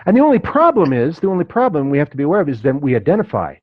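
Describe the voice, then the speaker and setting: A man's voice: on the high side, wildly swooping pitch, rapid-fire, no echo. A man leading a class discussion, who acts out the inner voices he quotes. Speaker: class teacher. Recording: dull dry lo-fi recording.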